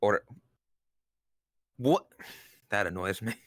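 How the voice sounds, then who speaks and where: A man's voice: lowish voice, takes it slowly, no echo. Dry-voiced joking male streamer. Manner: joking and teasing. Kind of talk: casual chat.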